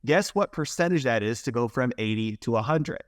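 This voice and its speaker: A young man, a guest on a podcast, explaining trading in a casual, animated way and asking rhetorical questions. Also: medium pitch, moderate pace, no room sound, studio quality.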